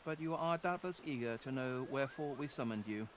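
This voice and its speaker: A man's voice: medium pitch, fairly quick, slight background noise, close to an everyday voice. A man reading the lines of a stately, stern elder woman leader in formal, old-fashioned phrasing. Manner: formal, archaic, commanding.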